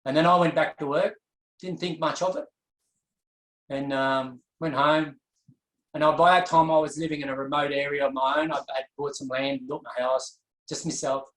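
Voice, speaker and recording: Man, interview guest, candid personal story, reflective, halting restarts, echoey room. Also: on the high side, fairly even intonation, a bit bright.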